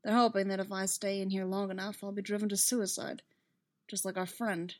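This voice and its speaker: A woman's voice: mid-range voice, flat delivery, a little fast, a little mellow, lightly acted. A woman reading aloud, voicing a grim male Jedi knight in a wry, clipped, urgent way. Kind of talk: fan fiction read aloud.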